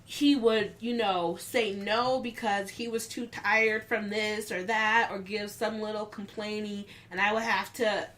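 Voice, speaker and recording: A woman's voice: medium pitch, steady tone, fairly bright tone. A woman casually telling a story from work, acting out what others said with raised voices. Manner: unhurried, acts out the quotes of others with raised voices.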